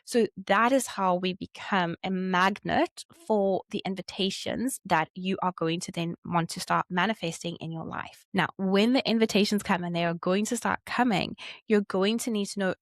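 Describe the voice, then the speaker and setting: A woman's voice: mid-range voice, fairly even intonation, normal speed, no room sound. Encouraging woman reading a chart, dry sound. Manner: warm, encouraging coaching tone, acting out quoted reactions. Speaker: Human Design chart reader. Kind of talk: one-on-one reading addressed to a client.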